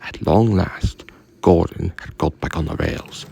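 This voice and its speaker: A man narrating a children's story in a hushed, confiding, slow read-aloud. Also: low-pitched, fairly even intonation, creaky, husky.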